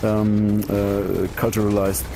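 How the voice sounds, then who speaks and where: A man's voice: on the low side, completely flat delivery, slow, gravelly. A man from Germany with a German accent, a pastor talking in casual chat, hesitant and full of fillers.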